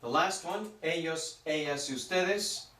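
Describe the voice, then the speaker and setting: A man's voice: a little high, unhurried, pushed and bright. A man teaching a language grammar lesson, patiently drawing out the example words. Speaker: Spanish teacher. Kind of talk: explanatory lesson. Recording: echoey room from far off.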